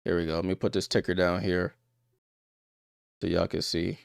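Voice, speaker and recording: A man's voice: deep voice, little pitch movement, moderate pace, creaky, clean tone, dry recording, studio quality. A man hosting a live watchalong stream, chatting with viewers and calling plays as they happen. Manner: chatty, talks straight to viewers, gets louder on big plays. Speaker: livestream watchalong host. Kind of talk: casual live game commentary.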